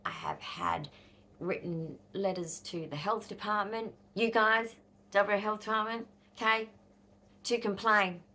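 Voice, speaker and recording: A woman's voice: mid-range voice, expressive, measured pace, bright, forceful tone. An Australian woman in her fifties, talking bluntly and angrily to camera in a casual vlog, swearing freely. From Western Australia. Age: 50s. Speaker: vlogger.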